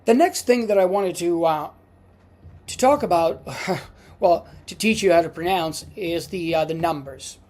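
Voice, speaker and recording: A man with an Italian accent teaching pronunciation in a video lesson, patient and repeating each word, with frequent "uh" pauses. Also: high voice, darkish tone. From Italy. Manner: slow, patient, repeats words for practice; frequent hesitations with uh. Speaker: language teacher.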